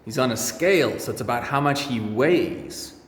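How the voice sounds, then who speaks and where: A man teaching English words to children, slowly repeating each one with exaggerated pronunciation in a classroom. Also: medium pitch, animated, slight background noise. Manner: drawn-out, exaggerated word drills. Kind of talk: slow repeat-after-me pronunciation lesson for children. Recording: echoey room with long reverb.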